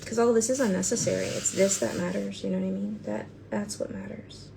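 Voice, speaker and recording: A woman chatting casually on a livestream while she paints, gushing, excitable and bursting into squeals, then dropping to whispers. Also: mid-range voice, brisk, gravelly, noisy background.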